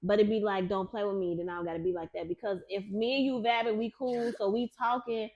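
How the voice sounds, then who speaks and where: A woman hosting a podcast, chatting casually and telling a story with loud, acted-out quotes. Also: mid-range voice, quick pace, dull audio. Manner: animated storyteller, acts out quotes loudly; says "finna" and "type shit", casual and profane. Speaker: podcast host; nurse manager who makes content on the side. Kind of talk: casual chat.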